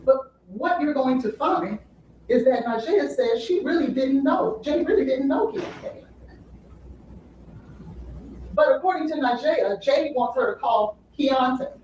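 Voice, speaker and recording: A woman's voice: sits high, lively intonation, moderate pace, a little mellow, highs cut off, slight background noise. A woman giving a courtroom opening statement as defense attorney, with emphatic repetition to the jury. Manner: emphatic, repeating "you'll hear" to a jury. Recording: echoey courtroom audio from far off.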